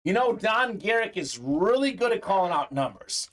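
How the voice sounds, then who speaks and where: A man's voice: high-pitched, very animated, moderate pace, a bit bright. A man hosting a live sports memorabilia break, chatting upbeat with viewers, reading their comments aloud and peppering his talk with "uh".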